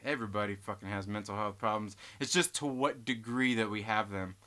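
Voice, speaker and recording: A man hosting a live stream, ranting and swearing heatedly while reading chat comments. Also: brisk. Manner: swings between loud outbursts and low muttering.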